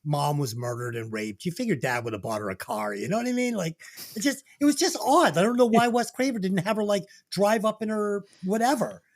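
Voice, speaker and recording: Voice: mid-range voice, animated, a little fast. A podcast host giving opinionated, profane takes in casual movie review chat.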